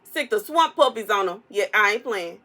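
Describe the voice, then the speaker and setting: A woman giving a casual prophetic message, animated and playful, preaching straight to the listener. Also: mid-range voice, normal speed. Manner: animated, preachy, playful, African American Vernacular English. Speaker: prophetic content creator.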